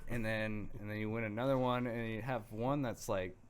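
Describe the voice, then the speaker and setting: A man's voice: lowish voice, steady tone, a little fast, smooth. A man co-hosting a casual podcast, rambling through stories with many fillers and restarts. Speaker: podcast co-host. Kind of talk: casual chat.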